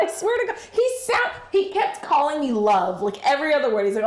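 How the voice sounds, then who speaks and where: A woman's voice: on the high side, sing-song, fast talker, few pauses. A woman hosting a casual livestream, chatting and laughing often while she bakes and reads out viewer comments. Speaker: livestream host. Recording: roomy echoey room.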